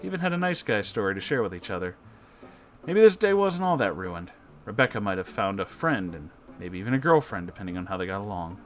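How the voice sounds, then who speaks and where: A man's voice: lowish voice, very animated, brisk. A man hosting his channel, reading a story aloud in a playful, chatty way.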